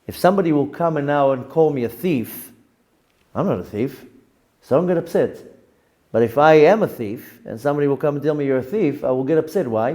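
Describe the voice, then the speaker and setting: A middle-aged man teaching as a rabbi, his voice mellow and dark in tone at a middle pitch. He talks candidly and animatedly about his own flaws, turning questions on himself. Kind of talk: spoken Torah lesson.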